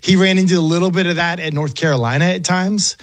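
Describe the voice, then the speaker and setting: A middle-aged man, a former pro quarterback, chatting and telling stories as a podcast guest, self-deprecating and lively. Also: high-pitched, fast talker, no room sound. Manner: chatty, self-deprecating, quotes people in put-on voices. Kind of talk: casual storytelling interview.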